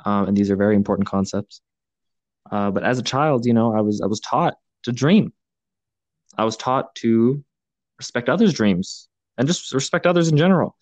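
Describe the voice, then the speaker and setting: A young man hosting a podcast, talking in an earnest, reflective way, pausing often with fillers. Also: mid-range voice, a little mellow, no room sound. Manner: earnest, thoughtful, halting with many fillers. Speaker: podcast host. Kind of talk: reflective casual podcast talk.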